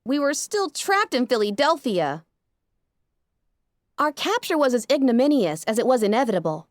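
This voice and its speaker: A woman narrating a first-person fan fiction story aloud with a dramatic, expressive delivery. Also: fairly high pitch, normal speed, no room sound, studio quality. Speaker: audiobook narrator.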